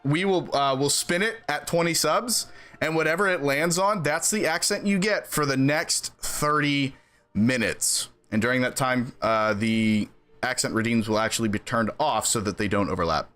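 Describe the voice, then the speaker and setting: A man streaming, chatting casually with his viewers in an animated way and laughing between sentences. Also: mid-range voice, normal speed. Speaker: game streamer.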